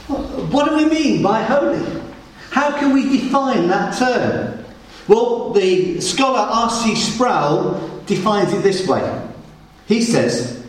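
A man's voice: high voice, expressive, slow pace. A man preaching a sermon with emphatic repetition, recorded from a distance in a church hall. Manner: emphatic, repeats words for weight. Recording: echoey hall, distant mic.

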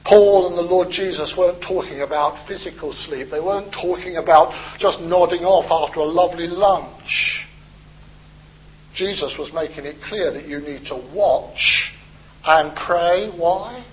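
Male preacher, light high voice, easygoing expository sermon on a muffled lo-fi recording. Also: a little slow. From Britain. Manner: conversational, gently humorous expository preaching.

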